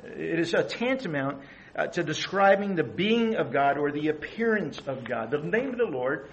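A man's voice: fairly high pitch, lively intonation, normal speed, muffled recording. A middle-aged man preaching a conversational sermon, asking his listeners questions. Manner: conversational, asks the audience questions. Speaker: pastor.

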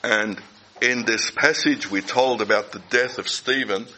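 Lower-voiced man preaching a forceful sermon. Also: slight background noise, rough recording. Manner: deliberate, repeats key phrases for emphasis.

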